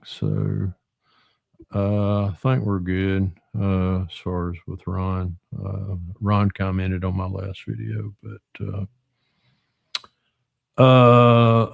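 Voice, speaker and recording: Slow, gravelly Georgia man. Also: on the low side, darkish tone, no echo. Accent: Southern US, Georgia. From Northwestern Georgia, US. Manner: folksy, drawling, answers chat comments aloud. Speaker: livestream host, model car builder. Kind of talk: casual livestream chat while building.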